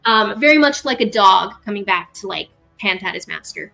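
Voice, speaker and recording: A woman's voice: medium pitch, lively intonation, normal speed, creaky, bright, forceful tone, soft background music, low-quality recording. A woman narrating as game master of a tabletop game, rambling, correcting herself and adding sound effects.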